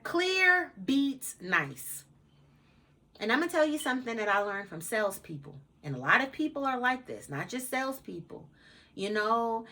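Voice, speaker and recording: Blunt, emphatic woman with a bright voice. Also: mid-range voice. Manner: blunt, emphatic, swears freely; repeats points for emphasis. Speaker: advice channel host. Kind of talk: casual motivational talk to camera.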